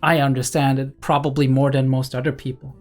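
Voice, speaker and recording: A young man giving casual anime reaction commentary, excited and analytical, often checking in with "right?" and filler "like". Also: medium pitch, brisk, faint music behind. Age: young adult.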